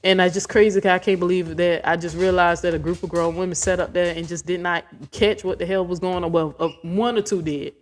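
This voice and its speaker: A woman's voice: fairly low pitch, steady tone, fairly quick, hardly any pauses. Blunt, profane woman vlogging. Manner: blunt, profane, rambling and emphatic. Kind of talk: casual vlog rant.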